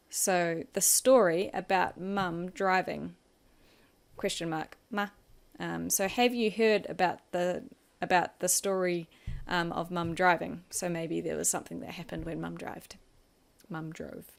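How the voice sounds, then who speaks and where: A woman's voice: on the low side, creaky. A woman teaching a vocabulary lesson, patiently explaining each word and modelling the tones. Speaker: Chinese language teacher.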